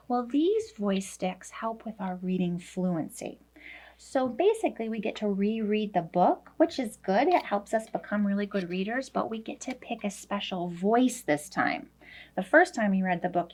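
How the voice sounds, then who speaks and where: A woman teacher working one-on-one with a young child, speaking slowly, simply and encouragingly as she explains a reading activity. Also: mid-range voice, a little mellow. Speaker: elementary school teacher.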